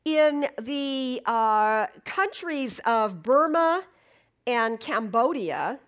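A woman's voice: a little high, animated, extremely slow, a bit bright. A middle-aged woman giving a chatty, reflective talk to an audience, with many fillers and easy laughs. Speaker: speaker.

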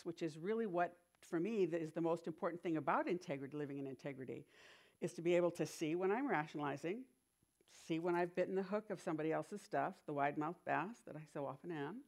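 A woman giving a sermon in a chatty, animated storytelling manner, with frequent asides. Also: lowish voice.

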